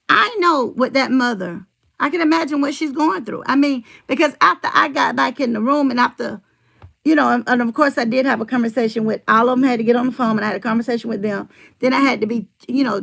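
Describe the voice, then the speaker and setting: A woman's voice: high voice, brisk, gravelly, fairly bright tone. A middle-aged woman rambling in casual livestream chat, telling family stories and answering her viewers' comments.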